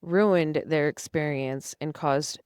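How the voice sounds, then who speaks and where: A woman's voice: deep voice, slow, a little mellow, clear, resonant tone, no room sound, studio quality. A young woman, a podcast guest, telling her personal story earnestly and emotionally, acting out past conversations. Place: studio.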